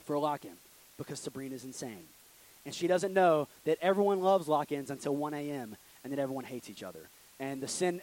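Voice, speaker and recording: A man's voice: on the high side, rough recording. A young man preaching a casual, joking youth sermon in a church room, acting out little voices. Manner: animated, joking, acts out voices. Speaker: youth pastor.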